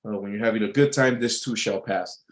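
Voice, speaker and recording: A man's voice: on the low side, fairly quick, low-quality recording. A man talking casually in a loose, repetitive monologue, reading out quotes and musing on them with many restarts and fillers. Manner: reads out quotes and muses on them.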